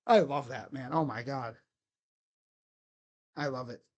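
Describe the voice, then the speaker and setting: A man doing excitable live play-by-play as a fan, cheering, chanting and grumbling at his team. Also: medium pitch, slow, highs cut off. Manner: animated, cheering and chanting, swings to muttered grumbling. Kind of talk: excited live game commentary.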